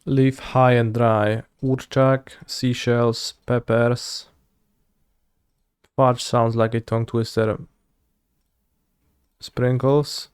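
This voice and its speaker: Slow, flat-voiced man. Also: medium pitch, clean tone, dry recording, clean studio sound. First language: Polish. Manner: muttering half to himself, trying out words. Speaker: streamer. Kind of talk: thinking aloud while playing a word puzzle.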